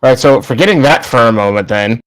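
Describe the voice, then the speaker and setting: A man playing in a tabletop game over a voice call, asking about rules and narrating his character's moves with an animated manner. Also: medium pitch, fast talker, no echo. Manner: animated, bursts into character shouts. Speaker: player.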